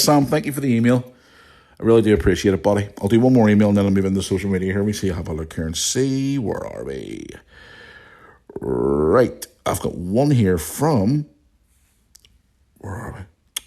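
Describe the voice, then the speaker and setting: Sweary man ranting. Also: on the low side. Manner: animated, sweary banter. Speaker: podcast host. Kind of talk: casual ranting chat, reading listener emails.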